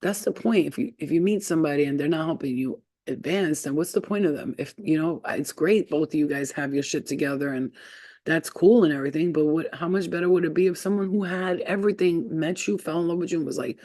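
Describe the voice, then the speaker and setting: A woman's voice: sits low, fast talker, dark tone, no echo. A woman doing a casual spiritual energy reading for her viewers, chatty and affirming, with lots of "like" and "you know.". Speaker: energy reader.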